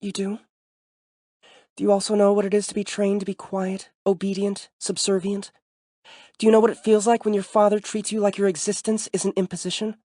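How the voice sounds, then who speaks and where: A male narrator voicing a guarded young woman in an audiobook, her voice lifted well above his own and kept soft and mellow. She comes across quick and defensive, with a clipped bite, and the sound is dry. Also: high-pitched, completely flat delivery, dry recording, pitched above the performer's own voice. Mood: bitter. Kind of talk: audiobook character voice.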